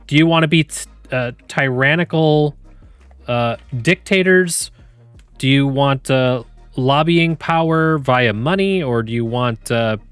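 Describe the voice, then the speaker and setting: A man as a joking podcast host reading prompts to chat, mid-pitched, dry close sound, faint music behind. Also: a bit bright, clear, resonant tone, dry recording. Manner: joking, laughs often, swears casually. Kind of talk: casual chat, reading game prompts aloud to chat.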